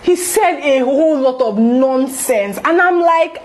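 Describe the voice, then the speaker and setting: A young Nigerian woman speaks straight to her viewers in a high, bright-pitched voice. Her delivery is emphatic and indignant, driven by pointed rhetorical questions. A faint background hiss sits under the voice. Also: animated, a little slow, hardly any pauses, rough recording. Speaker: vlogger. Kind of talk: opinion vlog commentary.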